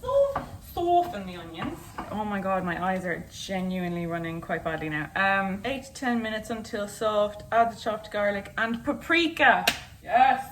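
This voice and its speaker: A woman's voice: medium pitch, steady tone, normal speed, a bit bright. A young woman hosting a casual, jokey vlog chat while cooking in her kitchen. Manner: chatty, jokey, rambling. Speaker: vlogger host. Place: home kitchen. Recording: distant camera mic with noise.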